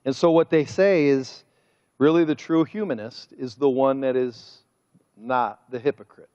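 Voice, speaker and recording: A man preaching a sermon as pastor, speaking with drawn-out emphasis and a mocking, sarcastic edge. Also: medium pitch, darkish tone, smooth. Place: church sanctuary. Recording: muffled sermon audio with long church reverb.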